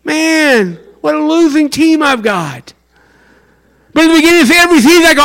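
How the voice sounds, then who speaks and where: A man preaching a sermon in an animated way, acting out the voices of fans and worshippers. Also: very high voice, normal speed, gravelly. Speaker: pastor.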